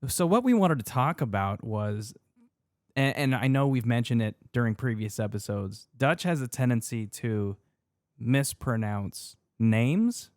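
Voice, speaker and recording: A man's voice: medium pitch, animated, unhurried, a little mellow, no echo. A man co-hosting a casual podcast, talking at an easy conversational pace. He teases his co-host and laughs often. The sound is dry and close to the mic. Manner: easygoing, laughs often, teasing.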